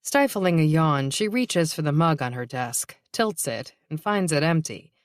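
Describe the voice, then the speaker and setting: A woman narrating a novel in a measured, even reading. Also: low voice, no echo, clean studio sound. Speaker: audiobook narrator. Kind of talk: scripted narration.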